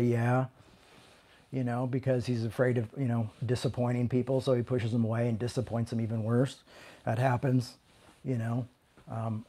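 A man, a pastor, talking candidly and conversationally, often trailing into "you know" and restarting his sentences, moving between quiet reflection and sudden raised emphasis. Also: medium pitch. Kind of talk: candid personal talk.

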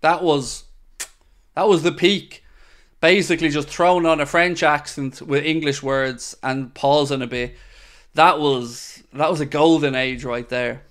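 Chatty man with a higher voice. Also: fairly even intonation, measured pace, a bit bright. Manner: chatty and opinionated, with frequent fillers and asides. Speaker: podcast host. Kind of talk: casual chat reading out live chat comments.

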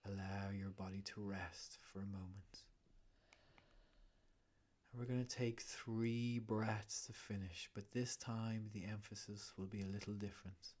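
Man, low, even voice, unhurried and soothing breathwork guide. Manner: slow, calm, soothing, often whispered.

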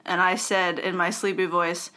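Giggly bright young woman podcaster. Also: fairly low pitch, level tone. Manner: giggly, quick-witted, storytelling with lots of laughs. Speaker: podcast co-host. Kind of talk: casual chat.

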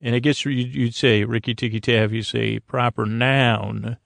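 A man with a gravelly, creaky voice rambles through a goofy bedtime monologue, drifting from thought to thought. He stumbles over restarts and leans on fillers, and the recording is dry and close. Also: medium pitch, steady tone, moderate pace, a bit bright, no echo. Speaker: sleep podcast host.

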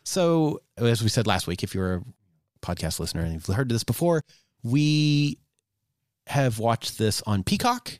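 A man's voice: mid-range voice, big pitch swings, unhurried, a little mellow, no echo, studio quality. An American man co-hosting a podcast, joking playfully and stumbling over fillers. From United States. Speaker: podcast co-host. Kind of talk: casual podcast chat.

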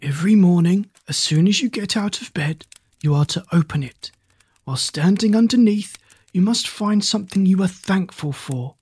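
A narrator doing a hoarse, wise old man. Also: medium pitch, no echo, pitched above the performer's own voice. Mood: calm. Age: older. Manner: slow, calm and kindly. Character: mysterious wise old man with a strange cane.

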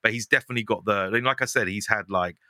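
A young man, chatting casually as a podcast guest, animated and quick, often laughing. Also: on the low side, dry recording. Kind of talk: casual chat.

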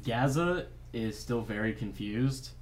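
A man's voice: mid-range voice, lively intonation. Man running a tabletop game, echoey. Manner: halting, full of ums and laughs. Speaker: game master. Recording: echoey room, faint noise.

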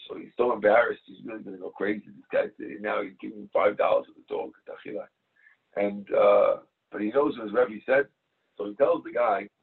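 A man's voice: lowish voice, vocal fry, husky. A man teaching a Talmud class. He reads each phrase of the text, translates it, and tells stories to explain it. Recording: tinny phone-like line.

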